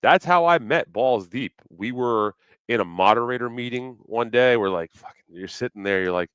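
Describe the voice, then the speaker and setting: Deep-voiced man rambling on a livestream. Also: normal speed, clear, resonant tone, no room sound, clean studio sound. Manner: loose, profane, rambling with fillers. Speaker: livestream host. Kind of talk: casual livestream chat. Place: home, New York City.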